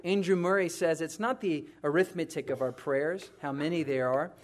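A pastor preaching a conversational sermon, moving between hushed, intimate passages and emphatic, rising ones. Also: male voice, a little high, moderate pace.

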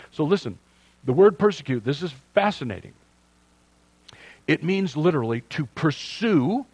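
Older male pastor, conversational sermon, shifts soft to loud, dry close sound. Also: a little high, husky, dry recording. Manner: conversational and animated, swings from soft asides to loud emphatic preaching.

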